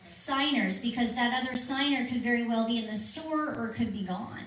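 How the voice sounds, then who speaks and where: A woman's voice: on the high side, normal speed, a bit bright, distant mic. A woman leading a petition workshop, answering audience questions in an earnest, persuasive way with frequent restarts. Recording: echoey room recorded from afar, faint hum.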